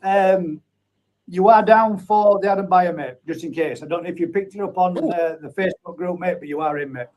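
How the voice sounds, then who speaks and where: A man's voice: high-pitched, fairly quick, darkish tone, rough recording. A man hosting a live chat stream. He reads out viewer comments and banters with his guests in a casual way. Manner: chatty, banters and reads names aloud.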